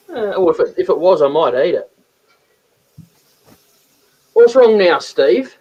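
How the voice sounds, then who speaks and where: A man's voice: high voice, huge pitch swings, slow, long pauses, a little mellow. A man hosting a live stream, teasing his guests and laughing often. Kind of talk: casual live-stream chat. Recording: dull lo-fi audio.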